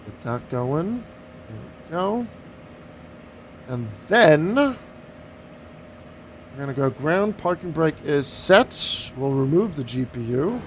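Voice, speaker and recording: A man gives casual live-stream commentary on a flight sim, joking while he explains each stage of the cockpit setup. His fairly high voice swings widely in pitch, and he speaks slowly with long pauses, over a little hiss or hum.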